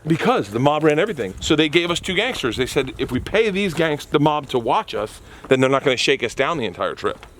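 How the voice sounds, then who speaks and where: Male storyteller, lively pitch, excitable and theatrical, city street noise behind. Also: fairly quick, few pauses. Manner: excitable, acts out voices, laughs a lot. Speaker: comedian guest. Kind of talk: animated storytelling.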